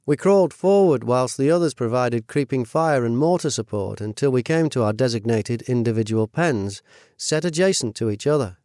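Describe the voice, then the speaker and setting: A middle-aged man reading his own memoir in a measured, steady storytelling voice. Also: mid-range voice, no echo, studio quality. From United Kingdom. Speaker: narrator. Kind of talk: first-person memoir narration.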